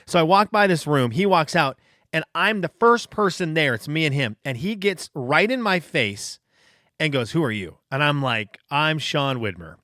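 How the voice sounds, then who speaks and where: Animated man telling a story. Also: a little high, moderate pace, no room sound, studio quality. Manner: animated, self-deprecating storytelling. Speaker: podcast host. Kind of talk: casual storytelling monologue.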